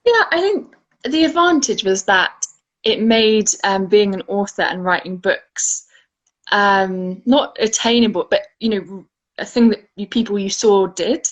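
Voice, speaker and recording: A woman from Guernsey, an author talking in a relaxed interview, thoughtful and chatty with frequent fillers. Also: medium pitch, a little slow, rough recording. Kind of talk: casual conversational interview.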